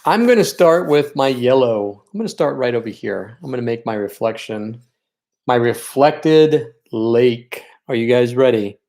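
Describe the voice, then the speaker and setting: A man's voice: mid-range voice, lively intonation, a little slow, darkish tone. Chatty man teaching a painting class. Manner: chatty and encouraging, talks while working; openly sentimental about his students. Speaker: art teacher leading a paint night. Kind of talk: live-streamed painting lesson.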